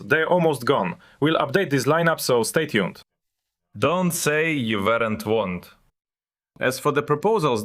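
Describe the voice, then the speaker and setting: A man's voice: on the high side, fairly bright tone. A man hosting a casual news commentary channel, delivering updates with wry, sarcastic asides.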